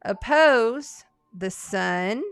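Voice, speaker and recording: A woman's voice: on the high side, animated, drawn-out words, a bit bright, clean tone, no echo, faint music behind. A woman hosting a live astrology and tarot stream, talking in a chatty, rambling and folksy way. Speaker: astrology and tarot livestream host. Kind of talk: casual livestream chat.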